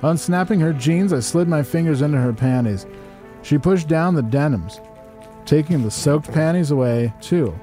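A man hosting a comedy podcast, reading an erotic letter aloud in a deadpan, mock-solemn way. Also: on the high side, moderate pace, faint music behind. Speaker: podcast host.

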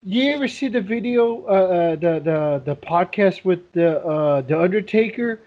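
A man's voice: sits high, expressive, moderate pace, muffled recording. A man co-hosting a podcast in casual chat, rambling, swearing and laughing often. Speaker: podcast co-host.

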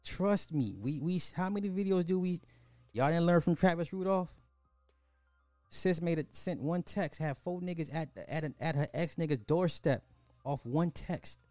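A man's voice: on the high side, normal speed, warm tone, dry recording, soft background music. A man hosting a commentary podcast, reacting to clips in an exasperated way and repeating phrases for emphasis.

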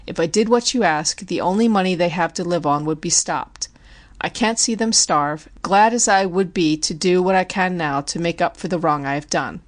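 A woman's voice: lowish voice, moderate pace, natural voice. A woman reading the lines of a sick, remorseful male convict in a trembling, pleading way.

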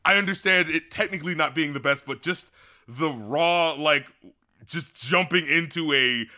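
A man talks through an album review on a casual podcast, rambling and animated, with lots of "like" and "you know". His voice sits fairly high and sounds bright and forceful. He acts out lyrics and studio scenes as he goes. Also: normal speed.

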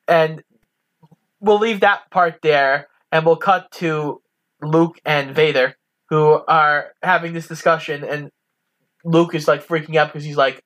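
Male co-host, fairly high voice, relaxed and agreeable, walks through film scenes. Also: measured pace. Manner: easygoing, agreeable, recaps scenes. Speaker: podcast co-host. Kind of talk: casual film-rewatch chat.

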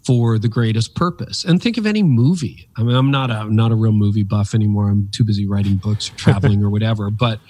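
A man in his fifties, an author and speaker, telling stories in an interview with emphatic, animated delivery. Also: fast, few pauses, dry recording. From Canada. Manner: animated, emphatic storyteller with pitch leaps. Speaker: podcast guest, author and speaker. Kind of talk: reflective interview storytelling.

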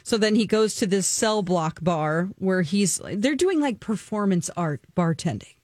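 A woman chatting casually as she recaps a movie plot, animated and full of ums, acting out the characters. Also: mid-range voice, measured pace, dry recording, clean studio sound.

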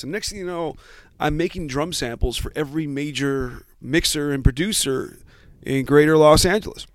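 A man's voice: a little high, fast talker, no room sound. Rambling man telling a story. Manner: rambling, self-deprecating, many restarts. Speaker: guest. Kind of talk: casual storytelling chat.

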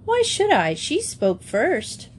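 A woman's voice: sits high, huge pitch swings, slow, a little hiss or hum, voice pushed up, heavily acted. A woman doing a chirpy, cheeky schoolgirl. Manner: breezy, chirpy and forthright. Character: irrepressible cheeky English schoolgirl.

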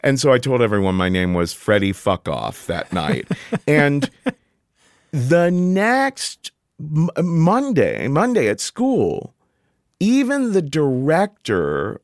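A middle-aged man telling a personal story in casual conversation as a podcast guest, animated and jumping up in pitch when he quotes himself. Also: dry recording, studio quality.

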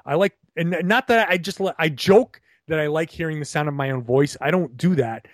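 A man's voice: on the high side, fairly quick, no echo, studio quality. A man co-hosting a podcast, talking animatedly in long rambling turns with many restarts, joining remotely. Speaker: podcast co-host. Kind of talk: casual podcast conversation. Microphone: remote call.

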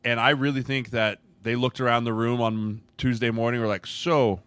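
A man's voice: medium pitch, little pitch movement, moderate pace, hardly any pauses, a bit bright, smooth, no room sound. A man co-hosting a football podcast, opinionated and acting out quotes in casual chat. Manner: opinionated, acts out quotes in voices. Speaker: podcast co-host, former lineman.

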